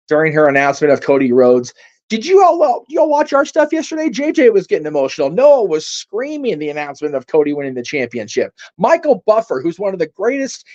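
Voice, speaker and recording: A man hosting a casual livestream, reading out viewer comments and reacting in a rambling, heated way, swearing freely and using many fillers. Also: mid-range voice. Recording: dull lo-fi stream audio.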